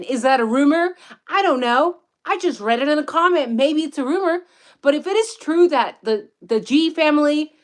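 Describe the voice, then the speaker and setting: A woman giving casual livestream commentary outdoors in the woods, profane, excitable and rambling as she reads the chat. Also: high-pitched. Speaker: true-crime commentator.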